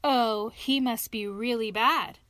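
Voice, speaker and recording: A woman doing a hearty, brisk male water rat. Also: a little high, fairly bright tone, no room sound. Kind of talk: storybook reading.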